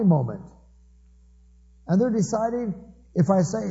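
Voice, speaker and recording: A man delivers a sermon as a string of homely anecdotes, slipping into the voices of the people he quotes. His voice sits somewhat high yet sounds very dark and mellow. The recording is muffled and lo-fi. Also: big pitch swings, moderate pace, vocal fry, long pauses. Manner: storytelling, acts out quoted voices. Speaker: preacher.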